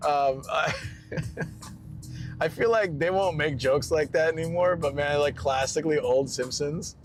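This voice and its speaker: A man's voice: on the high side, a little slow. Scottish male streamer, casual and rambling, laughs often, faint music underneath. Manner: rambling, filler-heavy, laughs easily. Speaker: live-streamer. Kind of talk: casual live-stream chat while driving.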